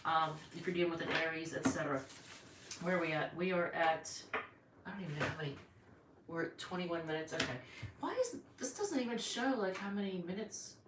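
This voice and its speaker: A woman's voice: on the low side, lively intonation, a little fast, recorded from a distance. A woman giving a rambling, chatty tarot reading on a live stream from home, thinking aloud as she goes. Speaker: tarot reader. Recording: echoey room, voice off-mic, faint noise.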